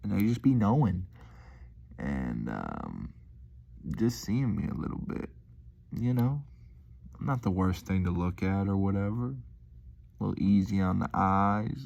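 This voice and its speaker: A man's voice: sits low, sing-song, unhurried, gravelly, long pauses, darkish tone, muffled recording. A young man rambling casually to his viewers, slangy and meandering, with lots of fillers. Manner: laid-back, slangy, meandering with many fillers. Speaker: vlogger.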